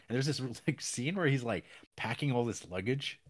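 A man's voice: mid-range voice, lively intonation, moderate pace. A man co-hosting a podcast, casually recapping a film in a rambling way and acting out lines. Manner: rambling recaps with acted-out quotes and laughs. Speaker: podcast co-host.

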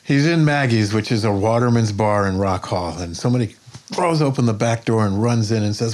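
An older male painter, a guest on a podcast, tells stories in a plain, lively way and swears freely. His voice sits in the mid-range and he speaks briskly.

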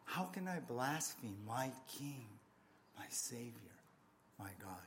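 Preacher slowly voicing a calm old martyr. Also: male voice, medium pitch. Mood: solemn, calm. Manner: slow, solemn, measured quoting. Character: aged frail male Christian martyr, calm and unwavering. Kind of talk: sermon storytelling.

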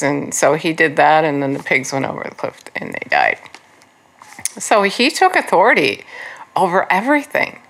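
A woman giving an informal Bible teaching, earnest and conversational, with frequent pauses and fillers. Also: sits low, very animated, creaky, a bit bright.

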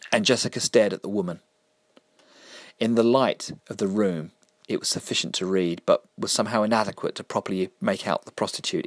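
A man reading a dark story aloud in a steady, measured narration. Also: sits low, dry recording, clean studio sound.

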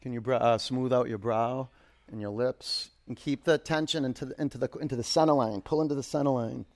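A man's voice: mid-range voice, steady tone, fairly quick. A man leading a live yoga class, calling out counts and motivating cues, with casual storytelling asides. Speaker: yoga instructor.

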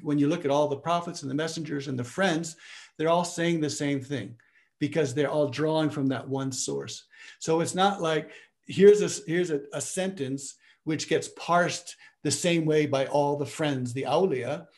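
A man's voice: a little high, moderate pace. A man teaching in a lecture with questions from listeners, often restarting his phrases as he searches for words.

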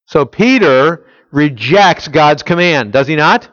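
A man preaching in a conversational way, leaning hard on key points and putting rhetorical questions to his listeners. His voice sits a little high for a man. The recording is dry and slightly muffled, with little room sound. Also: animated, slow, fairly bright tone, no echo. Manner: conversational, emphatic, asks the congregation rhetorical questions. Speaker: pastor. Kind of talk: expository sermon.

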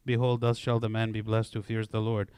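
Man leading prayer, steady even recitation, very flat delivery, crisp close voice. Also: fairly low pitch, a little fast, no echo. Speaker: prayer leader.

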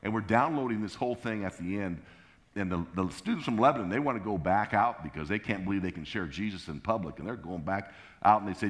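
A middle-aged male pastor with a lowish voice tells a story in his sermon. He jumps up in pitch to act out voices and sound effects, then settles back into easy storytelling. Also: fast. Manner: animated, acts out scenes and sounds with pitch jumps.

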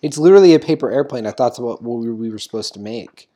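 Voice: mid-range voice, lively intonation, fast, dark tone, slight background noise. A young podcast host chatting casually, rambling through notes with frequent ums and giggles. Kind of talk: casual chat.

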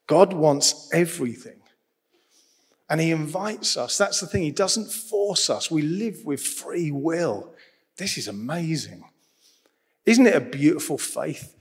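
A man preaching a sermon in a lively, humorous, conversational way. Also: a little high, breathy edge. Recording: long reverb of a large hall.

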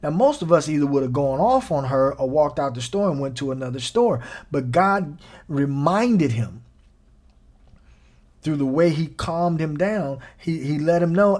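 Animated man preaching on a podcast. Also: on the high side, unhurried. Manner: animated, folksy, addresses listeners directly. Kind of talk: conversational sermon podcast.

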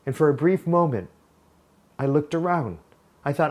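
Wry storytelling pastor, slightly high voice. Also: male voice, moderate pace, long pauses. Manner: animated, wry anecdote telling. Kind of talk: sermon storytelling.

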